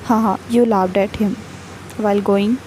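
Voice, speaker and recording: A woman reading a fan fiction chat story aloud. She speaks each speaker name and stage cue in the same even, unvaried tone. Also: medium pitch, normal speed, slight background noise, poor audio.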